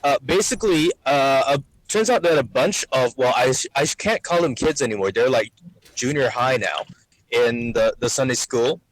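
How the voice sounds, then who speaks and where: A man's voice: medium pitch, moderate pace, poor audio. A man on a live gaming stream, rambling through stories with casual swearing. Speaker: livestreamer.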